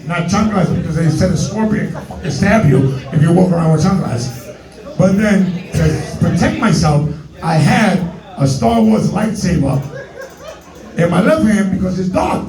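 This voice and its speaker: Man in his forties, Bronx accent, stand-up comic, high voice, echoey room, mic far off, faint music. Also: a little mellow. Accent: New York (Bronx). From the Bronx, New York. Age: 40s. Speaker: stand-up comedian. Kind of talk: stand-up storytelling.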